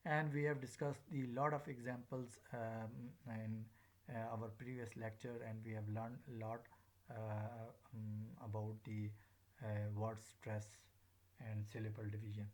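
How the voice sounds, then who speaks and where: A man's voice: fairly low pitch, flat delivery, unhurried. A man giving a recorded lecture as a teacher, speaking in a hesitant way with many filler sounds.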